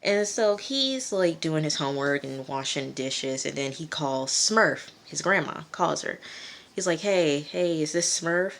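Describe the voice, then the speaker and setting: A woman's voice: deep voice, lively intonation, measured pace, gravelly, fairly bright tone. A woman casually recapping a TV episode, chatty and rambling, with lots of asides. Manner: rambling, chatty, full of asides and "you know". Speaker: TV reviewer.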